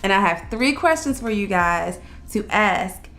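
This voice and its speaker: A woman co-hosting a casual chat who gives relationship advice in an earnest, step-by-step way, slowing down on key words. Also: mid-range voice, lively intonation, fairly bright tone, soft background music. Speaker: co-host of a couples channel.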